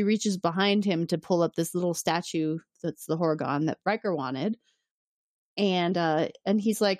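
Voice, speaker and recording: A woman co-hosting a podcast in casual chat, recapping an episode with lively acted-out lines and frequent laughter. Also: fairly low pitch, moderate pace, no room sound, clean studio sound. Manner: animated, acts out characters' lines, laughs often. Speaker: podcast co-host.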